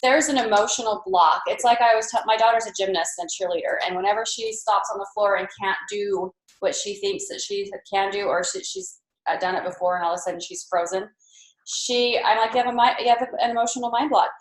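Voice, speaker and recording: A mother presenting at a team training to a live group, telling animated stories and acting out quoted voices. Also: medium pitch, fairly quick. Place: meeting room with a live audience. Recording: echoey room.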